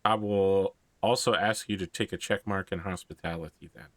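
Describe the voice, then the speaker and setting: A man narrating a tabletop role-playing game as game master, relaxed and playful. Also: low-pitched, normal speed, no echo.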